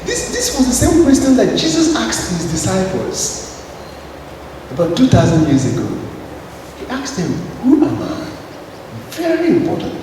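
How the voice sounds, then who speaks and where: A man's voice: extremely high pitch, huge pitch swings, moderate pace, pauses often. A man from Nigeria, a Catholic priest, giving a spiritual talk to a gathering, telling a story and leading the audience in call and response. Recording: echoey hall, voice from far off, noisy.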